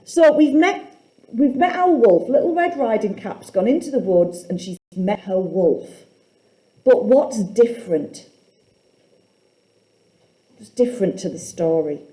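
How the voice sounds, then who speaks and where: A woman teaching a poetry class, asking students questions and reading lines aloud slowly. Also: medium pitch, expressive, mellow.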